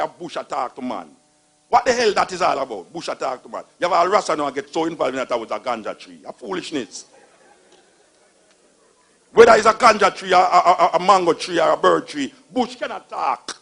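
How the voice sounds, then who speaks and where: A man's voice: high-pitched, vocal fry, fairly bright tone, husky. A man with a Jamaican accent, giving a humorous talk and animatedly retelling stories with voiced characters. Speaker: speaker on religion.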